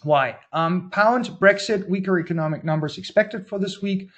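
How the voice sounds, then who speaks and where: A man hosting a trading webinar, talking through market charts in a brisk, blunt, informal way, with slang and frequent restarts. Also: high voice, a bit bright. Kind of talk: casual market-analysis webinar talk.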